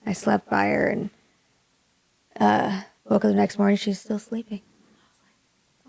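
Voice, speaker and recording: Soft-spoken young woman with a gravelly edge. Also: mid-range voice, monotone, unhurried, pauses often, no echo. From Maui, Hawaii. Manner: soft-spoken, drops to a hush for quoted thoughts. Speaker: singer-songwriter guest. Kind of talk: personal storytelling in a podcast interview.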